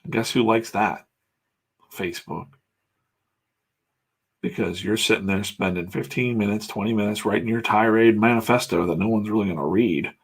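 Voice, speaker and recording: A middle-aged man from the US, comics artist and host of the channel, talks casually and candidly as he draws, rambling with the odd swear word. His voice is on the low side with a breathy edge, at a moderate pace with frequent pauses.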